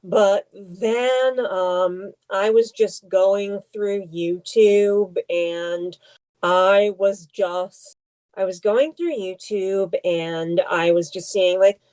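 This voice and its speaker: A young woman co-hosts a casual podcast, speaking slowly in a mellow, warm voice. She hesitates often, pausing and restarting her sentences. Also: mid-range voice, clear, resonant tone, low-quality recording. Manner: hesitant, many ums and restarts. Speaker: podcast co-host.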